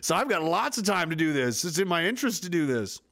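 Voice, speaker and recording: A man's voice: a little high, big pitch swings, fast talker, pushed and bright. A man from East Coast Canada hosting a livestream, reading out chat comments in a blunt, profane, rambling way.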